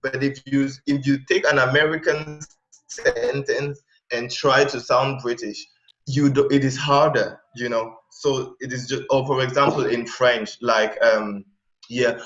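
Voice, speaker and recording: A man speaking as an interview guest in casual chat, pausing to search for examples mid-sentence. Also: medium pitch, fairly even intonation, fairly bright tone. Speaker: interview guest, language learner. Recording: echoey, dull sound.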